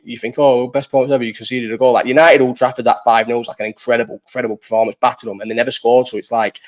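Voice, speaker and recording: A young man, hosting a casual live-stream chat, swearing freely and often trailing off mid-sentence. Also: mid-range voice. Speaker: host.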